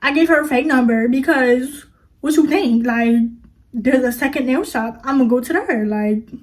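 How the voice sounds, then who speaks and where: A young woman with a high, bright voice tells a storytime to her viewers. She keeps it casual and chatty, full of fillers and slang, and talks to the audience as if they were friends. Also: moderate pace. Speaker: vlogger.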